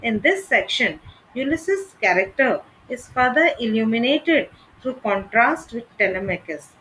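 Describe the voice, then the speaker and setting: A woman reading a scripted literature lesson in a measured, deliberate way. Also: a little high, fairly bright tone, slight background noise, rough recording. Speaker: literature teacher.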